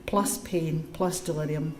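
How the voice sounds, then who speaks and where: A woman whose voice sits low speaks a little slowly, lecturing in public to a live audience and answering their questions. Her manner mixes lively storytelling with step-by-step explanation, recorded in an echoey room.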